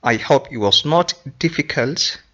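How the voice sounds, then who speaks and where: A man teaching an English grammar lesson, explaining slowly and repeating each example sentence. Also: mid-range voice, expressive, sharp tone, highs cut off.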